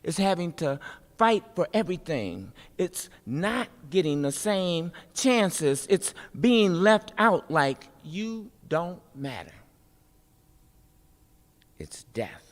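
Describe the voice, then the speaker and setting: A woman performing spoken-word poetry with rhythmic, emphatic refrains and dramatic pauses, then speaking informally at a festival event. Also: on the low side, very animated. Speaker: poet and city politician speaking at a festival. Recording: long reverb of a large hall.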